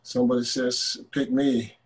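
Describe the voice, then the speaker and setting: A man's voice: medium pitch, little pitch movement, moderate pace. A man hosting a live call-in stream, joking bluntly and swearing freely while he chats with callers. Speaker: host of a live call-in show. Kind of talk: casual live-stream chat.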